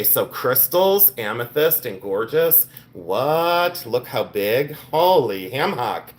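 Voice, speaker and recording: A middle-aged man hosting a live jewelry sale stream, talking in quick exclamations as he shows each piece. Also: mid-range voice, fairly bright tone. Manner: exclamatory, enthusiastic show-and-tell.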